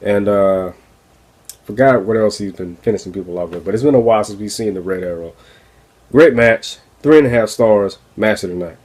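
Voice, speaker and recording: A man's voice: on the low side, moderate pace, a little mellow. A man hosting a wrestling review podcast, ranting casually and profanely with frequent laughs. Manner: profane, exasperated, laughs often.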